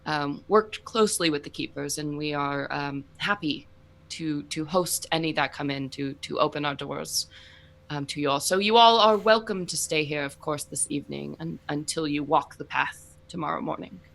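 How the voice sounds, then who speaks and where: A woman's voice: low-pitched, normal speed, gravelly, fairly bright tone. A woman voicing a polite, welcoming middle-aged hostess who speaks hesitantly. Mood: gracious.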